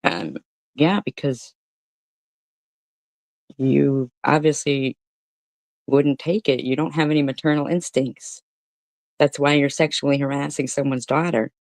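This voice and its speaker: A woman's voice: very deep voice, steady tone, a little slow, pauses often, darkish tone, dry recording. A woman streamer heckling a played clip with blunt, profane, mocking retorts. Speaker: commentary streamer. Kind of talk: heckling commentary.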